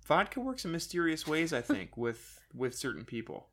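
A woman's voice: low voice, big pitch swings, moderate pace, fairly bright tone. A woman co-hosting a casual podcast chat, chiming in with dry, joking asides.

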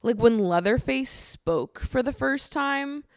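A woman's voice: sits high, animated, slow pace, clear, resonant tone, dry recording, clean studio sound. A woman hosting a podcast, rambling in a casual, chatty way, swearing freely and laughing often. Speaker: podcast host.

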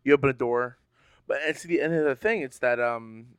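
A man co-hosting a casual podcast, talking excitedly and stammering a little as he gets spooked. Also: mid-range voice, fairly quick, clear, resonant tone, no room sound. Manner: excitable, easily spooked, stammers when nervous. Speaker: podcast co-host. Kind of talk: casual chat.

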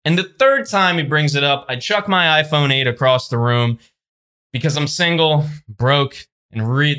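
Seated before a camera with a laptop in front of him, a podcast producer delivers a brash, sarcastic review monologue. His voice is medium-pitched with a sharp tone.

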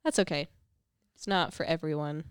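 A woman's voice: deep voice, moderate pace, clean tone, no echo, studio quality. Wry woman co-host with a stuffy nose. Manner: wry, joking quips. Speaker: podcast co-host. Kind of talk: casual chat.

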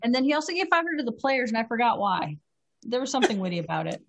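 Woman, slightly high voice, casual stream player, brisk giggly reading. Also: sing-song, fairly bright tone, slight background noise.

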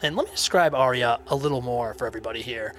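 A man's voice: mid-range voice, quick pace, a bit bright. A man narrating a tabletop game as game master, describing scenes in detail and joking about his own voices. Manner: descriptive, self-deprecating. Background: background music.

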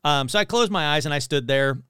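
Animated man rambling through a comic story. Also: on the high side, fairly quick, smooth, dry recording, clean studio sound. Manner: rambling, full of "like" and self-corrections.

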